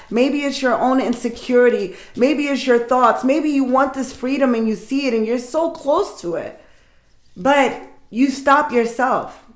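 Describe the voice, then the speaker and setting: A woman, likely middle-aged, giving an intuitive tarot reading and speaking warmly and directly to her listeners as if comforting them. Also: fairly high pitch. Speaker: tarot reader. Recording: echoey room.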